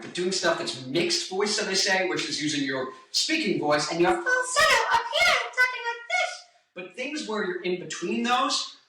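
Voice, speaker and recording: A man's voice: fairly high pitch, sharp tone, distant mic. A man in his twenties, a singer, talking casually about vocal technique in a rambling, jokey way and breaking into sung snippets. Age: 20s. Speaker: singer and guitarist giving vocal tips. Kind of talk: casual vlog with sung demonstrations. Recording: echoey room, voice a bit off-mic.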